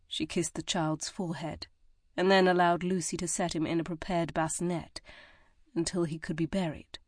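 A woman reading a historical novel as audiobook narrator in a measured, even way. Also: fairly low pitch, no room sound, studio quality. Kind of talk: scripted narration.

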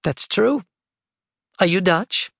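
A man voicing a gentle, apologetic older grandmother in an audiobook, speaking softly and a little quickly. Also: sits high, lively intonation, vocal fry, dry recording, clean studio sound, pitched above the performer's own voice, full character voice.

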